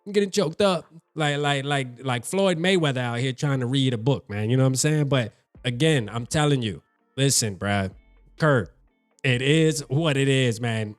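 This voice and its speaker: A man's voice: mid-range voice, normal speed, dry recording, faint music behind. A man giving casual fan commentary on a vlog, slangy and talking straight to the listener. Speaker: sports fan vlogger.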